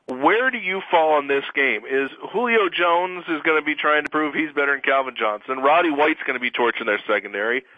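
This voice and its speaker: A tired man hosting a fantasy football chat, firing off quick questions. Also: a little high, dry recording, phone-quality sound. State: tired, yawning. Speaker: podcast host.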